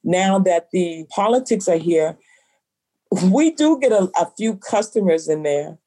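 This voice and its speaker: A woman's voice: fairly low pitch, animated, a little slow, warm tone. A woman who owns a bookstore, telling a story in an interview and acting out the voices of the people in it. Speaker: bookstore owner.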